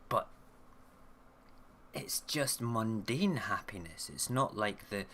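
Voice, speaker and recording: Guy talking to his camera, lowish voice but bright and forceful, rambly and chatty, keeps saying okay. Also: expressive, slow pace, slight background noise. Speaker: online radio show host. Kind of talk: casual monologue commenting on news stories. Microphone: camera mic, recording himself on video.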